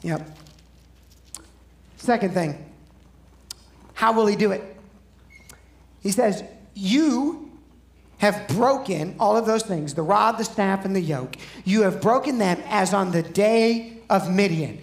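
A man's voice: high-pitched, expressive, slow pace, vocal fry, long pauses, echoey room. A man preaching a sermon as pastor, talking conversationally and putting questions to his listeners. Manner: conversational, asks the audience questions.

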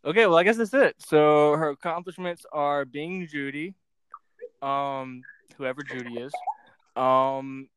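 A man's voice: mid-range voice, steady tone, a little slow, a bit bright, slight background noise. A young man hosting a casual podcast chat. He rambles, giggles often and teases as he reads out what his guest types. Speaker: podcast host.

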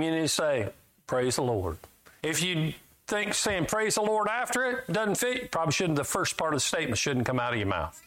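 A middle-aged man preaching a sermon in a folksy, emphatic way, jumping from loud high points to low asides.

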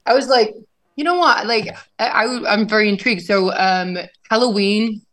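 A woman's voice: mid-range voice, fairly even intonation, normal speed, a bit bright, low-quality recording. A woman professional wrestler as an interview guest, telling her story casually and animatedly, swearing often and acting out quotes. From England.

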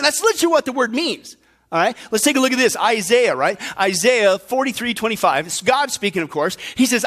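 Here a pastor swings between explosive moments and whispered asides as he poses emphatic rhetorical questions in his sermon. The man's voice is very high-pitched, with lively intonation and a brisk delivery.

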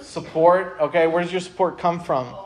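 A young man giving a casual, earnest talk to high school students, full of fillers and sudden bursts of energy. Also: moderate pace. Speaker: youth speaker.

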